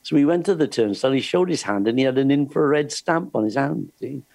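An older man, a former cruise ship entertainer, telling lively anecdotes with frequent laughs. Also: medium pitch, brisk, creaky, no echo. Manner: lively storyteller, laughs often, restarts. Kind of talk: anecdotal chat.

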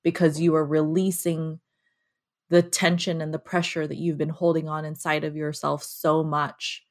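Woman, podcast co-host, casual chat, animated, laughs often, acts out inner voices, lowish voice. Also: moderate pace. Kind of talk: casual conversation.

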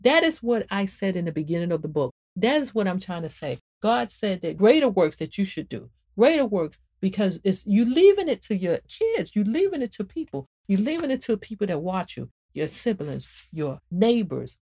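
A woman hosting a spiritual podcast and talking about her book, preaching to listeners in an animated, emphatic way and repeating phrases for emphasis. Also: moderate pace, hardly any pauses, slightly rough. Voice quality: emphatic and animated, swings up and down in pitch. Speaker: podcast host and author.

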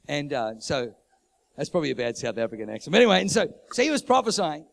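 Animated New pastor preaching. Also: male voice, fast, gravelly. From New Zealand. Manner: animated, acts out quoted voices with big pitch jumps. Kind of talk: sermon storytelling.

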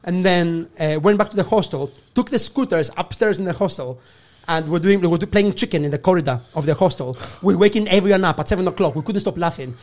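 A man's voice: sits high, fast talker, hardly any pauses, a little mellow. A man, a guest comedian, telling a rowdy story in a casual chat, laughing and swearing as he acts out the people in it.

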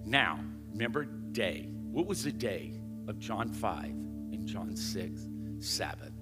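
A middle-aged man preaching a sermon as pastor, swinging between loud, high declarations and hushed, low asides, punctuating his points with catchphrases. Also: very animated, takes it slowly. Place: large church sanctuary. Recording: long hall reverb with live band music. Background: band playing.

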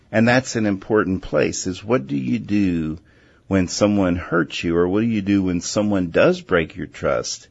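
A man hosting a Christian call-in radio show, talking earnestly and gently and often restarting his words. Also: fairly low pitch, lively intonation, measured pace, vocal fry, breathy edge, highs cut off. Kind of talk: faith-based call-in radio talk.

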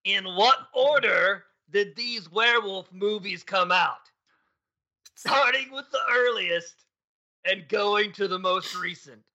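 A man's voice: high voice, slow, pushed and bright, dull audio, full character voice. A man playing a goofy male skeleton who hosts a trivia quiz, with jokey absurd asides. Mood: playful. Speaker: quiz host.

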